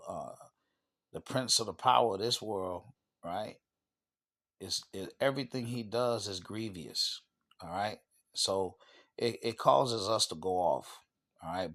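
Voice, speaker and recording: A man's voice: lowish voice, slow pace, long pauses, a bit bright. A man hosting his own channel, preaching an informal sermon and reading scripture, emphatic and stopping often to say "all right" and "okay".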